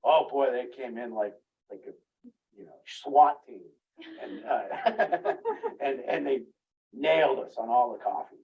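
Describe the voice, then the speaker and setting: A man's voice: mid-range voice, unhurried. A man telling a rambling, candid story in a group talk, laughing at himself now and then. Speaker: group speaker. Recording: muffled, distant room recording.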